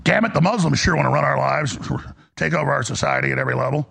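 A man's voice: mid-range voice, fast talker, creaky, fairly bright tone, slightly rough. A man ranting as a political commentator in a heated, exasperated monologue, blunt and profane.

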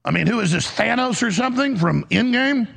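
A man holds forth on a political commentary show, heated and emphatic, restarting sentences as he goes. His voice is high and swings widely in pitch, with heavy vocal fry and a husky edge. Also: animated, a little fast, a bit bright.

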